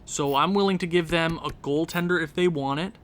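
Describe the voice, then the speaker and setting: A man's voice: on the high side, a little fast, fairly bright tone, a little hiss or hum. A young Canadian man giving casual, rambling commentary on a game, talking to himself with jokey asides. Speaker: gaming video creator.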